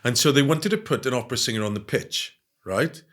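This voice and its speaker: A man telling stories in a casual interview, animated and often adding "right?". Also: mid-range voice, a little fast. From Wales. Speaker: guest.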